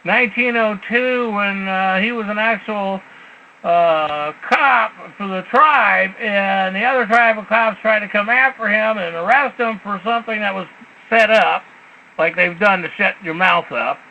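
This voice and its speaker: A man hosting a talk show, telling stories in a blunt, profane, animated way. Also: high-pitched, unhurried, narrow, tinny audio, a little hiss or hum. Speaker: show host. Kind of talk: call-in talk show chat.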